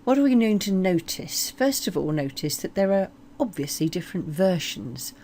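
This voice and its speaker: Woman, French lesson, slightly low voice, deliberate modeling, faint background hiss. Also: sing-song, warm tone. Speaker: French teacher. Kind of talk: explanatory language lesson.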